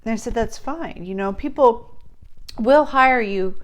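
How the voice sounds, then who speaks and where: A woman's voice: a little high, unhurried. A woman talking casually to camera as a book writing coach, chatty and earnest, with fillers and restarts.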